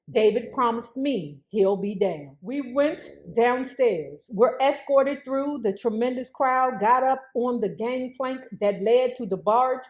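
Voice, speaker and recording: A woman reading a memoir aloud to her viewers and breaking off for blunt, profane commentary. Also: on the high side. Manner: blunt, profane, animated asides. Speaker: YouTube host reading a memoir.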